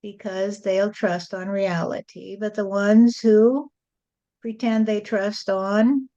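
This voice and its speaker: A woman delivers a channeled spiritual address as a medium, moving at a slow, deliberate pace. Her tone is soft and mellow, and she preaches in rhyming, sing-song phrases. The recording sounds dull and lo-fi. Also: medium pitch.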